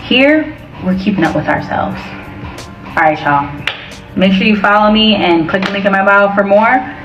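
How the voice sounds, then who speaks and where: An American woman vlogger chatting casually and playfully, and she talks fast. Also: mid-range voice, lively intonation, echoey room, recorded from a distance, muffled recording, soft background music. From United States. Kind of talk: casual vlog chat.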